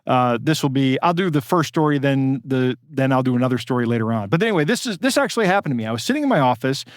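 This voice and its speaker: A podcast co-host telling a story in casual chat, rambling with many restarts and fillers. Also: male voice, mid-range voice, expressive, fast, no echo, clean studio sound.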